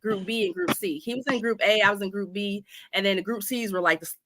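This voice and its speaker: A woman from Ohio telling a story on a casual podcast, animated and laughing as she goes. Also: mid-range voice, fast. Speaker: podcast co-host.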